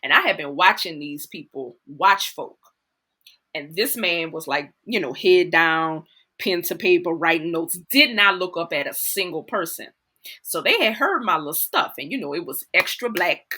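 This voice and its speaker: Animated New Orleans woman telling stories. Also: fairly low pitch, moderate pace, slightly rough. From New Orleans, USA. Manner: animated, laughs often, acts out quotes. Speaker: guest actor. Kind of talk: casual interview storytelling.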